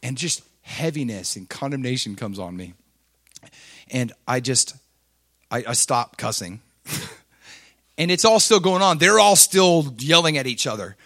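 Animated man preaching a personal story. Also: medium pitch. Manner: animated, swings from loud intensity to quiet confession. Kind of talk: sermon storytelling.

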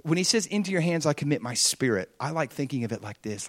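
A man's voice: a little high, animated, fast, hardly any pauses, no echo. A man preaching an earnest, conversational sermon, retelling a story and acting out the quotes.

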